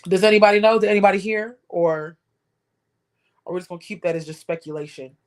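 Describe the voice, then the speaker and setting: A woman's voice: medium pitch, quick pace. A woman hosting a livestream, giving casual gossip commentary in a rambling way and often repeating her words. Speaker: livestream host.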